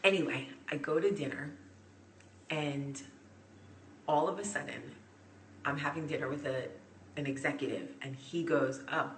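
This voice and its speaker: A woman in her thirties talking to viewers in a friend's apartment over a phone live stream, telling a story in an excitable, gushing way. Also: low voice, a little slow, long pauses, a little hiss or hum. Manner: excitable, gushing, speeds up and gets loud as story builds. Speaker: vlog host. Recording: echoey room.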